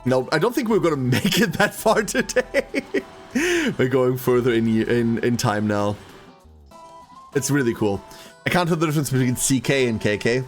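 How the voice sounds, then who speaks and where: Lively male streamer. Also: mid-range voice, moderate pace, soft background music. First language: German. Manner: chatty, talks to chat. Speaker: game streamer. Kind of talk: casual livestream chat.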